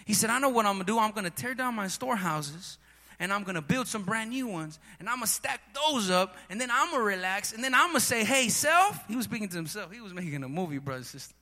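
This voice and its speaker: A high-voiced man preaching with fiery passion, his tone strikingly bright and sharp. He keeps calling out to his listeners as brother and sister. His voice rings out with a long reverb. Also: big pitch swings, fast talker. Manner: impassioned preaching, building to shouts; repeats "brother and sister" often. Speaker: pastor. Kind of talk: sermon. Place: church hall.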